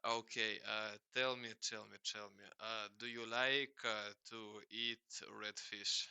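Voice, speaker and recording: A man chatting casually with hesitant, halting speech full of fillers and repeats. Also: lowish voice, fairly even intonation, creaky, bright, forceful tone, clean tone, no room sound. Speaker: host questioning a chatbot. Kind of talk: casual chat.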